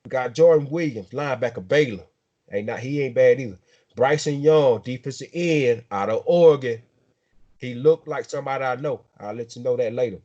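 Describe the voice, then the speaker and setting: A man's voice: mid-range voice, brisk, mellow. South Georgia man talking football, lo-fi sound. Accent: Southern American, South Georgia. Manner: drawling, repeats and restarts words, hypes players. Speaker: sports podcast host. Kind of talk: casual sports chat.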